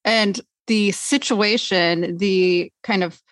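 A woman's voice: mid-range voice, slow, no echo. A woman hosting an interview, asking curious, engaged questions. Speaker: podcast host. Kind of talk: interview conversation.

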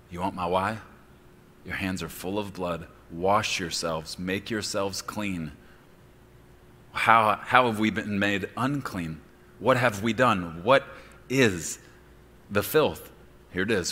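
A man preaching a sermon as pastor, with emphatic delivery that bursts into shouted key words. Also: sits low, takes it slowly, pauses often, long reverb tail, a little hiss or hum.

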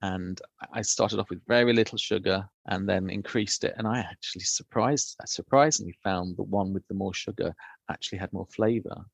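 A man, a food historian, explaining old recipes in a thoughtful, unhurried podcast conversation. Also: low voice, vocal fry, no echo.

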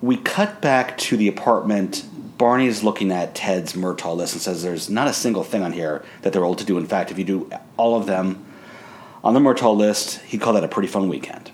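Male podcast co-host, deep voice, dry humor, light background hiss. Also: moderate pace. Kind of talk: casual recap chat.

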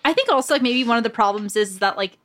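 A woman's voice: fairly high pitch, lively intonation, quick pace, fairly bright tone. A woman chatting casually about a film, with frequent "like" fillers.

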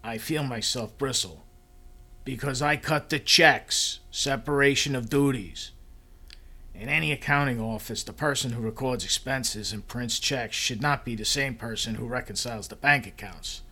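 A man's voice: medium pitch, normal speed, pushed and bright. A man reading a first-person story in a dry, matter-of-fact way.

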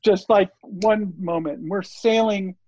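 As an interview guest, a surf filmmaker in his sixties unspools a casual, rambling story, animatedly performing each quoted line. He speaks in a high-sitting voice without hurrying. The audio has no room sound and comes across dull and lo-fi.

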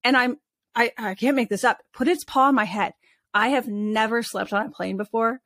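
A woman, an animal communicator, telling personal stories in a casual, expressive interview manner with frequent restarts. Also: fairly high pitch, moderate pace, no room sound.

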